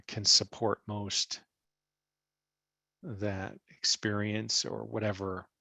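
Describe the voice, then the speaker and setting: A man leading an online spiritual class over a video call, speaking gently and slowly while searching for his words. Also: on the low side, creaky, no echo. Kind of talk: reflective teaching talk.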